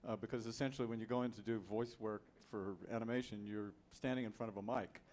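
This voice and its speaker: A man telling a lively anecdote as an actor on a convention panel, speaking into a handheld mic. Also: on the low side, fast talker. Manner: lively, animated storyteller. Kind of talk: storytelling anecdote. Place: convention hall.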